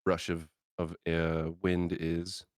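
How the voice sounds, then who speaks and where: A man's voice: deep voice, monotone, takes it slowly, a little mellow, no echo, studio quality. A man playing a tabletop role-playing game, thinking aloud with hesitant fillers. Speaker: player. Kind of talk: casual tabletop game chat.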